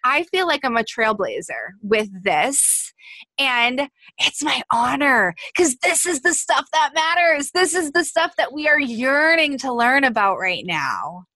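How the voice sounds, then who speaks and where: A woman's voice: high-pitched, very animated, measured pace, bright, forceful tone, dry recording, studio quality. A woman hosting a podcast interview, talking in an effusive, gushing way about her guest. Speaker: podcast host. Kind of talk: casual interview chat.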